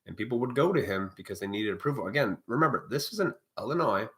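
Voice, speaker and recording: A man's voice: on the low side, expressive, fast. A man hosting a live stream, delivering a blunt, profane, preachy monologue in a casual way.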